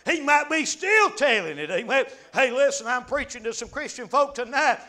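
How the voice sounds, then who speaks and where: A man preaching a fervent revival sermon, dropping frequent amens and breaking into shouts. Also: very high-pitched, lively intonation, moderate pace.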